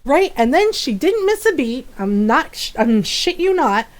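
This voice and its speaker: A young adult woman streaming live, telling a story in a casual, animated and indignant way, often laughing as she talks. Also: high-pitched, unhurried.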